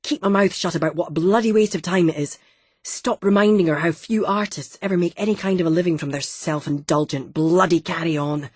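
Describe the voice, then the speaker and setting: A hot-headed landowner father rants and swears at full volume, voiced by a woman reading the story. The voice sits low and husky, and the recording is dry and close, with no room sound. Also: a little fast, dry recording, natural voice. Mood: indignant. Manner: loud, indignant ranting with heavy swearing. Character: blustering, short-tempered middle-aged landowner father.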